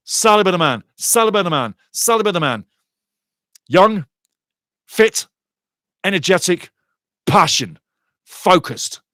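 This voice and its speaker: A man hosting a soccer show, giving blunt, excitable live commentary on a penalty shootout. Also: fairly high pitch, no echo, studio quality. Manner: excitable, blunt, swings from laughing to outraged shouting. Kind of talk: live watch-along commentary.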